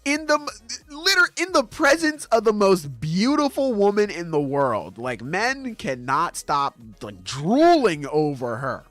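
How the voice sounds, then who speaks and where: A man co-hosting a podcast, recapping a manga chapter in casual chat, swearing freely and acting out the characters in quick voices. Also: sits high, very animated, a bit bright, no room sound, faint music behind. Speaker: podcast co-host.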